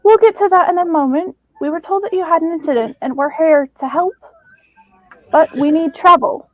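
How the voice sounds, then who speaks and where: A woman playing a tabletop game, speaking gently and coaxingly as her character. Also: very high voice, normal speed, no room sound, muffled recording. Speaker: player.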